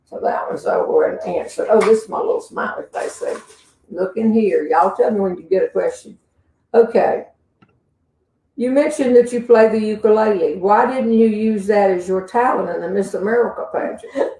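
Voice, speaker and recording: A woman's voice: medium pitch, normal speed, warm tone. An older woman with a Southern accent, a humorist telling stories and answering questions in a folksy, chuckling way. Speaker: humorist host. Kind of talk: casual storytelling and Q&A. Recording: roomy sound from a distance.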